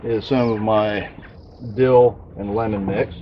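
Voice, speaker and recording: A man's voice: fairly low pitch, takes it slowly, muffled recording, slight background noise. Man talking with his mouth full. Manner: relaxed, eating while talking. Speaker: channel host. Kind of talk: casual vlog.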